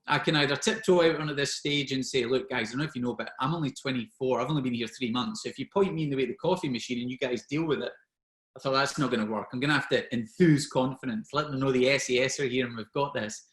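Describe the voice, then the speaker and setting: A man in his forties, a former soldier telling lively anecdotes and acting out the dialogue. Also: medium pitch, echoey room. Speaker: guest speaker, former special forces soldier. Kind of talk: anecdotal storytelling at an online networking event.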